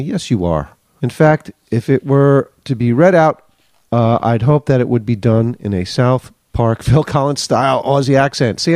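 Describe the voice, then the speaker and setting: Gravelly-voiced man reading a letter. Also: medium pitch, a little mellow, no room sound. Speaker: podcast co-host. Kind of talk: casual chat, reading a listener letter.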